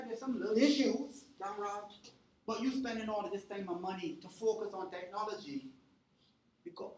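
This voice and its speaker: High-voiced and interactive, a male lecturer keeps stopping to make sure his students are with him during a university class. The lecture hall recording is echoey, with a little hiss or hum.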